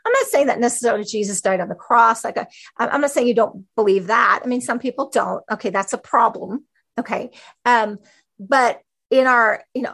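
Animated woman teaching scripture. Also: fairly high pitch, creaky. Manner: animated and conversational, with fillers and quick asides. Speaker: Bible teacher. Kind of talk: teaching talk on a podcast.

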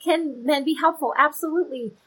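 A woman giving a casual, chatty Bible teaching, animated and playful with asides. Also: high-pitched, a little fast, rough recording.

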